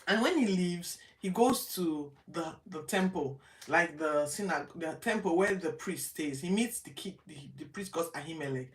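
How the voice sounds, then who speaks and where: Lively woman retelling Bible stories, echoey room. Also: far from the mic. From Nigeria. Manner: lively, acts out characters' lines with big pitch jumps. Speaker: host of a Bible reading show. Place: home study. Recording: roomy, from off the mic.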